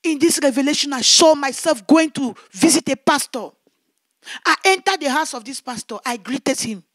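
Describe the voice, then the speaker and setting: A woman evangelist telling a testimony in fervent preaching, shouting her prayers and recounting events vividly. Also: high-pitched, lively intonation, normal speed, no room sound, studio quality.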